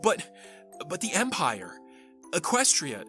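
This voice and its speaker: A reserved, formal stallion commander who speaks in measured, proper phrases with a dry tease, as a man acts him out. His bright voice swings widely in pitch, in an audio drama. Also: wildly swooping pitch, faint music behind, heavily acted. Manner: formal, measured, dryly teasing. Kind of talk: fan audio drama acting.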